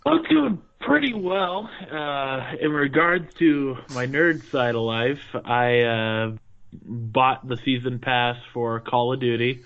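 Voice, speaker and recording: A man's voice: mid-range voice, slow pace, a bit bright, lo-fi sound. A man co-hosting a casual podcast in an easygoing way, laughing often. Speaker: podcast co-host.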